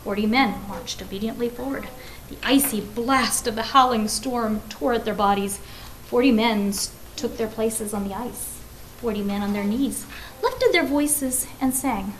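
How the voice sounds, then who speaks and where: A woman with a fairly high voice reads a story aloud to children. She stops now and then to ask her listeners friendly questions. Her delivery is plain and conversational between the dramatic passages. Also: a little slow, a little hiss or hum, rough recording.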